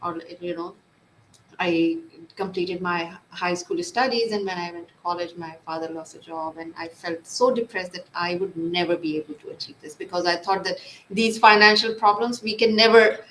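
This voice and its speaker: A woman psychologist being interviewed, speaking softly with many fillers and restarts. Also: fairly low pitch, steady tone, moderate pace. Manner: soft-spoken, frequent fillers and restarts. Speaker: guest psychologist. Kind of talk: live interview. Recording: echoey room with faint noise.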